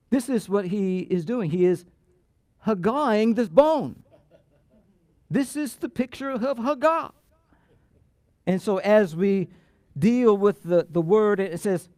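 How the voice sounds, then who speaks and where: A pastor preaching a sermon in church, animated and emphatic, often repeating words and drawing out key phrases. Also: male voice, sits high, measured pace, no room sound, clean studio sound. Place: church sanctuary.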